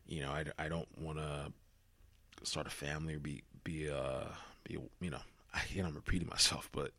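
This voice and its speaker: A man's voice: very deep voice, little pitch movement, fairly quick, pushed and bright, dry recording. A worn-out young man hosting a solo podcast, rambling wearily and swearing freely, sometimes dropping to a whisper. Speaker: podcast host. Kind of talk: solo reflective monologue.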